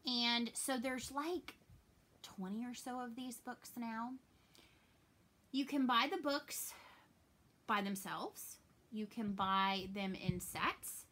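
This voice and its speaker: A woman in her thirties with a Southern American accent, chatting casually to camera in her cross stitch vlog from home, open and chatty, trailing off softly when sad. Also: fairly high pitch, slow pace, pauses often.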